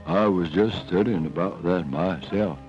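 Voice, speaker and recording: Old hound dog, low and drawling, voiced by a male storyteller; dull film sound, faint music. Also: unhurried. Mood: agreeable.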